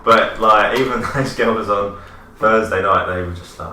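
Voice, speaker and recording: A fairly low-voiced man joking along in a casual chat, chuckling often. He is off-mic in an echoey room, with noise all around. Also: measured pace, pushed and bright, far from the mic.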